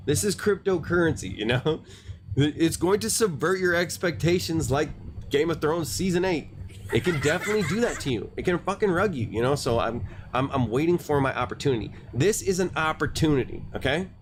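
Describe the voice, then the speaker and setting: A man's voice: fairly high pitch, expressive, a little fast, background noise. A man hosting a crypto livestream, ranting casually to viewers, rambling and profane, with frequent restarts and lots of "dude" and "bro".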